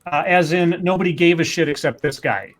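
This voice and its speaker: A man's voice: on the high side, brisk. A man co-hosting a podcast, reading out news stories and quotes with frequent fillers and casual commentary.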